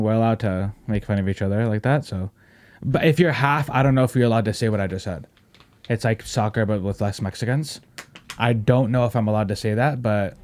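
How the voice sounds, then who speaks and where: A young man hosting a podcast, telling stories in a loose, profane, animated way and laughing often. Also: medium pitch. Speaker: podcast host. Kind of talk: casual podcast chat.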